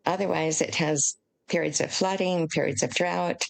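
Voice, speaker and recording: An older woman from the United States, an author speaking as an interview guest, explaining in an earnest, measured way. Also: on the low side, steady tone, gravelly, low-quality recording. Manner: earnest, emotional at times, measured.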